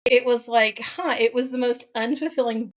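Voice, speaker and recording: A woman's voice: fairly high pitch, moderate pace. Chatty middle-aged woman telling stories. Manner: candid storyteller, chatty with many asides. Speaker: podcast co-host. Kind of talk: casual conversation.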